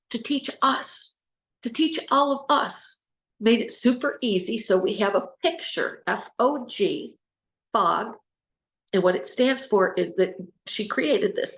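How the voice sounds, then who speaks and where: Earnest woman, gravelly, in an echoey room. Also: medium pitch, a bit bright. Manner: earnest, spells out words, rambles with restarts. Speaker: host, trauma recovery speaker. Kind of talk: informal talk to listeners.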